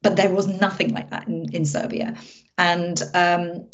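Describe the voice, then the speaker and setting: A woman film director being interviewed, chatting casually and telling stories in an animated way, often restarting her sentences. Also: lowish voice, unhurried. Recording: muffled lo-fi audio.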